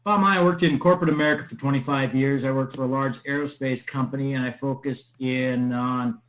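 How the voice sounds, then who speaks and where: A man's voice: mid-range voice, fairly even intonation, fairly quick, a bit bright, rough recording. A man, a podcast guest, giving a plain, matter-of-fact account of his working background. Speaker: podcast guest, business consultant. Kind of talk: conversational interview answer.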